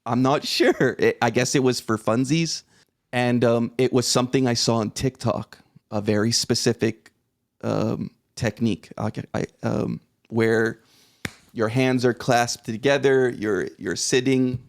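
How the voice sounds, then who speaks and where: Gravelly-voiced man telling a story. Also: medium pitch, measured pace. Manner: animated retelling, acts out his own reactions, swears. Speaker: podcast guest. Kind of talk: conversational storytelling.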